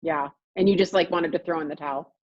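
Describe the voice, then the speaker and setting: Emphatic husky woman coaching on a call. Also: deep voice, fast, darkish tone, dry recording, highs cut off. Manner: emphatic, repeats herself for stress. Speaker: real estate coach. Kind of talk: coaching talk on a group call.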